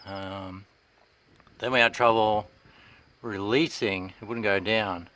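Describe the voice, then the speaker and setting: A man giving a laid-back, halting walkthrough of an old machine, with many pauses and "uh"s, speaking into a handheld camera inside a running dragline cab. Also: steady tone, bright, forceful tone. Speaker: machinery restorer. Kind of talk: casual walkthrough narration. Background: faint engine rumble.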